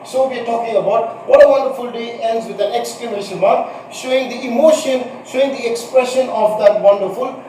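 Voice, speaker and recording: A man with a very high voice teaches grammar, patiently going over each point and working through examples. He stands away from the mic in a strongly echoing room with a board. A faint hiss sits under his voice. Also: a little fast, few pauses, mellow, distant mic. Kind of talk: recorded grammar lesson.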